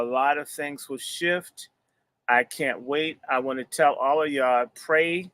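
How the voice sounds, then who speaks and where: A man's voice: on the high side, takes it slowly, fairly bright tone, no echo. A man hosting a livestream, talking in a rambling, profane, sermon-like way. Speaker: host and minister. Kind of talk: preacherly livestream talk.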